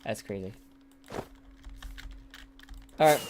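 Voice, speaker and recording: A man's voice: mid-range voice, moderate pace, long pauses, darkish tone, a little hiss or hum. Young male streamer, loose rambling chatter, keyboard clicking audibly behind. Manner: rambling, swears casually, drifts into whispering. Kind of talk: casual gameplay chat. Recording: clear background typing and clicks.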